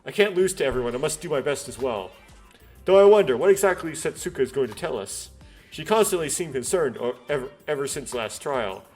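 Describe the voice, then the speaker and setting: A man's voice: medium pitch, animated, fairly quick, darkish tone, breathy edge, soft background music. A man reading a visual novel aloud, doing every character's lines in his own voice, with stumbles and self-corrections.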